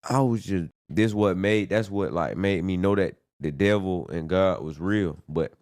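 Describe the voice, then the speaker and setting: Very deep-voiced man giving testimony. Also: a little slow, a little mellow, no room sound, clean studio sound. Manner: earnest, slangy, rambling. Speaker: podcast guest giving testimony. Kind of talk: casual conversation.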